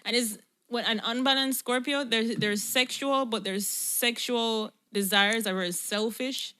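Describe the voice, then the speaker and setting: A woman's voice: on the high side, steady tone, measured pace, sharp tone, clean tone. A young woman hosting a podcast chat, leading the topic with firm opinions. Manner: opinionated, leads the topic, laughs easily. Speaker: podcast host. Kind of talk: casual chat.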